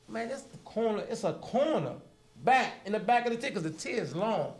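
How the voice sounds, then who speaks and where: A man's voice: high voice, normal speed, reverberant. A man from Harlem, New York, a guest in a casual interview, telling stories animatedly and acting out voices with frequent laughs. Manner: animated, acts out prison dialogue, laughs often.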